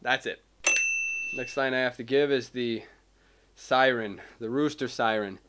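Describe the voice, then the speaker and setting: A man's voice: medium pitch, measured pace, heavy background noise. A man, an independent animator, talking casually and explaining his process into a cheap desk microphone at home. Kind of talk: casual vlog talk.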